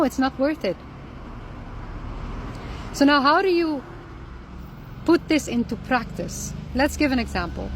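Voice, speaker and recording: A woman with a fairly high voice gives reflective spiritual advice to her listeners. She speaks calmly and earnestly, often repeating a key phrase to drive the point home. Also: noisy background. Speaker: Islamic lifestyle speaker.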